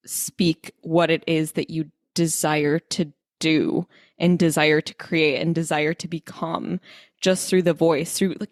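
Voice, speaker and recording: A woman co-hosting a spiritual podcast, chatting casually in a curious, animated way and swearing now and then. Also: on the low side, no room sound, clean studio sound. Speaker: podcast co-host.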